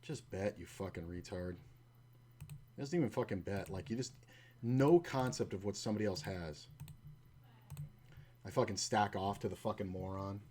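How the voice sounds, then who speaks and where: A man's voice: on the low side, normal speed, long pauses, a little mellow, slight background noise. A man commenting on his own online poker play, swearing often and telling stories in a frustrated, ranting way. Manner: long anecdote with acted-out quotes.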